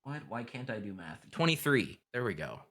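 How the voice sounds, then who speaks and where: A man's voice: mid-range voice, sing-song, moderate pace, fairly bright tone. A man playing a tabletop game, joking about his dice rolls. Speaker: player. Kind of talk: casual game chat.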